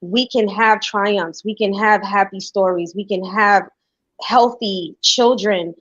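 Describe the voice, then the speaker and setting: A woman's voice: medium pitch, takes it slowly, no room sound. A middle-aged woman hosting a podcast, telling a heartfelt story in casual conversation and acting out the quotes. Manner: animated storyteller, acts out quotes. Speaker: podcast host. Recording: dry, dull lo-fi sound.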